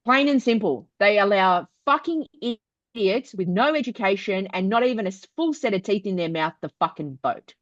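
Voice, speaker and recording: A woman from New South Wales with an Australian accent, co-hosting a podcast in casual chat, blunt, outspoken and quick to swear. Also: mid-range voice, animated, dry recording, muffled recording. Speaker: podcast co-host.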